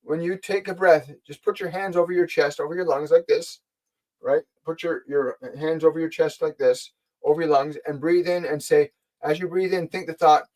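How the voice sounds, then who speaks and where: The poor-quality audio carries a slightly high male voice. He leads a live spiritual stream on his channel, gently speaking to viewers directly, earnestly guiding them and answering their questions, and he repeats key phrases to emphasize them.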